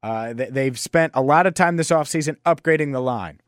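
A man's voice: mid-range voice, brisk, dry recording, studio quality. A young man hosting a casual solo sports podcast, talking in a rambling way with many restarts and fillers. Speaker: podcast host.

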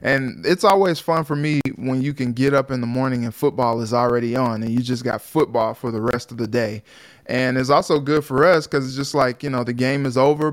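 A man co-hosting a sports talk show in a relaxed, rambling way with lots of fillers. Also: mid-range voice. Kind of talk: casual sports chat.

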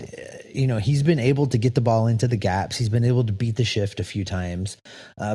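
A man's voice: medium pitch, mellow, no room sound. A man co-hosting a sports podcast, giving firm opinions with dry sarcasm. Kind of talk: casual sports talk.

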